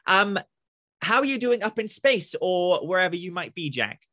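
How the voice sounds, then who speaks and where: A man from southern England hosting a podcast interview, excitable and quick to laugh. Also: sits high, no room sound, studio quality. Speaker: podcast host.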